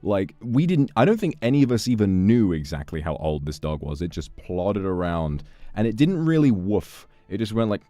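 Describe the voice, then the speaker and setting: A man streaming and chatting casually with his viewers as he reads out donations. He is playful, animated and swears freely, speaking close to the microphone. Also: on the low side, normal speed, hardly any pauses, dry recording.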